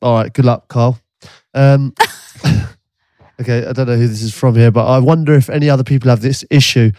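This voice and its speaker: A man co-hosting a podcast in casual banter, defending himself with a laugh and halting restarts. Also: mid-range voice, steady tone, a little mellow, dry recording. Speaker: podcast co-host.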